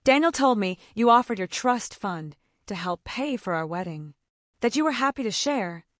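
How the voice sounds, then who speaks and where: A woman's voice: fairly high pitch, animated, normal speed, dry recording, studio quality, close to an everyday voice. A woman voicing a blunt, principled young woman engaged to be married. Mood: firm. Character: firm, principled young bride-to-be.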